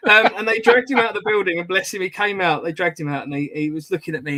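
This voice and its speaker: A man tells a story on a podcast in loose, chatty talk, full of ums and little laughs. His voice sits a touch high and sounds bright and forward. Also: steady tone, fast talker, few pauses. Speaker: podcast host. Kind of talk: casual chat, anecdote.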